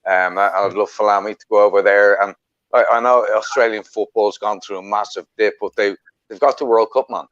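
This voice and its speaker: A man's voice: fairly low pitch, fairly even intonation, a little fast, a bit bright, dry recording, muffled recording. A man from Ireland, chatting about football on a podcast panel, rambling with lots of restarts. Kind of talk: casual football chat.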